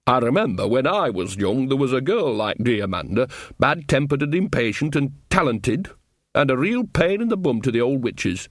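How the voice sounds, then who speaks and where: A man's voice: mid-range voice, very animated, moderate pace, dry recording, studio quality. A man voicing a cheerful, gossipy old woman witch in an audiobook, chatty and teasing. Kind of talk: audiobook reading.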